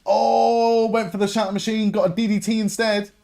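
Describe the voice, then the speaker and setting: A young man hosting a live wrestling watch-along stream, reacting excitedly, swearing freely and chatting with viewers. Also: high-pitched, moderate pace, vocal fry, soft background music. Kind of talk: live reaction commentary and chat.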